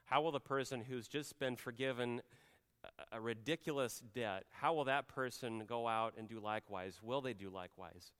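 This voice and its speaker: A man preaching a sermon as pastor, conversational, often slowing and dropping to a quiet voice for emphasis. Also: medium pitch, smooth, big-room sound. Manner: conversational, drops soft and slow for emphasis.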